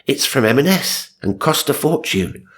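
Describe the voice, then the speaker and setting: A man voicing a flustered middle-aged mother who splutters in a raised, husky voice. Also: mid-range voice, very animated, moderate pace, a bit bright, pitched above the performer's own voice. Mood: aghast. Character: flustered middle-aged mum fretting over decor.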